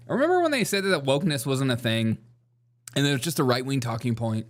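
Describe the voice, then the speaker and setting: A man's voice: mid-range voice, big pitch swings, brisk. A man hosting a political comedy show, talking sarcastically and laughing at his own jokes. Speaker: host.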